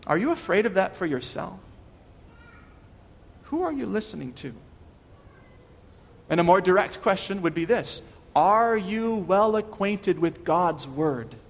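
High-voiced man preaching in a reverberant hall. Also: sing-song, a little slow, creaky, long pauses. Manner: earnest, questioning, with stammered restarts. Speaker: pastor. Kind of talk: sermon.

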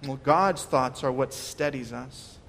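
A man's voice: mid-range voice, slow pace, gravelly, a bit bright, long reverb tail. A man preaching a sermon, earnest and questioning, often restarting his words. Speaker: pastor.

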